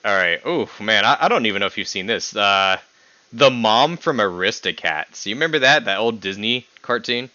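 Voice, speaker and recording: A young man hosting a casual podcast stream, teasing his guest and laughing often as his voice jumps up when excited. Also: fairly low pitch, normal speed, no room sound, lo-fi sound. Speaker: podcast host. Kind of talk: casual chat ranking characters with a guest.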